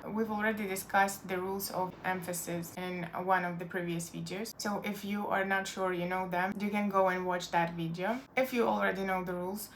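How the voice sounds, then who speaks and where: Patient woman teaching with slight gravel. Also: medium pitch, slight background noise. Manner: patient, explanatory, with fillers like "like". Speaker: Spanish teacher. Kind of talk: online language lesson.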